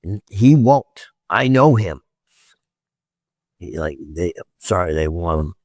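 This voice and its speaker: A man's voice: low voice, animated, slow, a little mellow, no room sound, clean studio sound. A man, a podcast guest, telling a rambling story in casual talk, stammering and repeating himself, acting out the quoted dialogue and swearing often.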